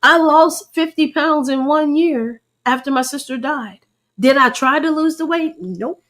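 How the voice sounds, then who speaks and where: A woman's voice: high-pitched, unhurried, fairly bright tone. A middle-aged woman, sharing a faith-based personal testimony in an earnest, preacherly way and calling her listeners y'all. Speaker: host.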